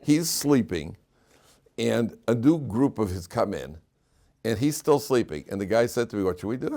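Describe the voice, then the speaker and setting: A man's voice: lowish voice, normal speed, gravelly. A middle-aged man, a rabbi, teaching a class, telling anecdotes with laughter and putting questions to the room. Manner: animated storyteller, laughs through anecdotes, asks the room questions. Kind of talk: storytelling Torah class. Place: classroom with listeners.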